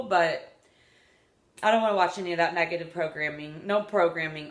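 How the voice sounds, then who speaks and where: A woman's voice: fairly low pitch, fairly bright tone. A woman in her thirties talking casually to her vlog audience, rambling, upbeat and earnest. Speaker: vlogger. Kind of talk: unedited casual vlog talk. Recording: echoey room.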